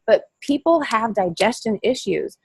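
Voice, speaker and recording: Excitable chatty woman on a team call. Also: fairly high pitch, vocal fry, slightly rough, dry recording. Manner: chatty, excitable, rambling, quick to laugh. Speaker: guest speaker on a team coaching call. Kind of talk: motivational talk on a conference call. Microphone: phone or call line.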